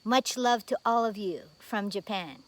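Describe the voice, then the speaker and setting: A woman in her fifties from the United States tells stories in a casual, chatty vlog. Her voice is medium-pitched and her pace measured, and she fills her speech with fillers and tag questions.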